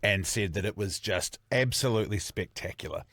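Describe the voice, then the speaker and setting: A man with a New Zealand accent, co-hosting a podcast with crude, animated banter. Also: fairly low pitch, a little fast, no echo, clean studio sound. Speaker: podcast co-host. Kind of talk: casual podcast chat.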